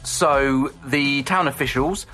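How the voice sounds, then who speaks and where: A man's voice: medium pitch, slow pace, sharp tone, faint music behind, low-quality recording. A man co-hosting a morning radio show, reading out quirky news in playful banter and laughing easily. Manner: playful, reads out news items, stumbles and laughs.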